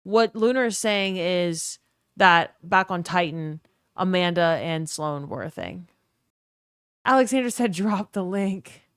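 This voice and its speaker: A woman from the Southern US streaming a video game, chatting bluntly and profanely in an animated way. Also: fairly low pitch, slow pace, clean tone, no echo, clean studio sound. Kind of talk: casual livestream commentary.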